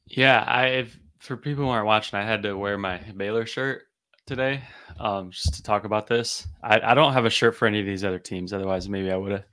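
A man's voice: fairly low pitch, fairly even intonation, fairly quick, fairly bright tone, clear, resonant tone. A man co-hosting a casual sports podcast, enthusiastic and analytical, often repeating words as he thinks. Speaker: podcast co-host.

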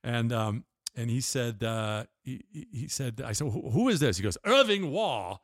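A man's voice: mid-range voice, normal speed, no echo, studio quality. An older man, a guest on an interview show, telling rambling stories with restarts and laughs. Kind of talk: casual storytelling interview.

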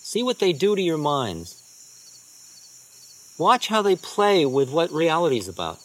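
A man telling stories from his time with a teacher, in an easy, conversational way. His voice sits a little high for a man, and his asides often drop low and quiet. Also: wildly swooping pitch, unhurried. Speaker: spiritual teacher. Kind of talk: storytelling talk.

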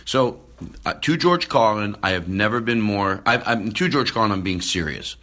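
A man hosting a podcast, talking casually and excitably, with many restarts, recorded into a phone. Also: lowish voice, normal speed. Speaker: podcast host. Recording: phone recording, far from the mic.

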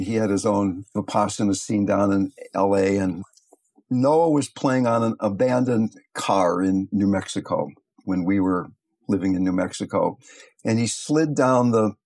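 An older man teaching meditation, telling stories in a calm, unhurried, reflective way. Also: fairly low pitch. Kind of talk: teaching talk with storytelling.

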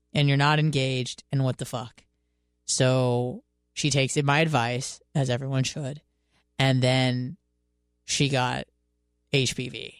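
A woman's voice: very deep voice, clear, resonant tone, no room sound. Young woman radio host, casual storyteller, frank and crude, dry studio sound. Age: 20s. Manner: candid, profane, laughing storyteller.

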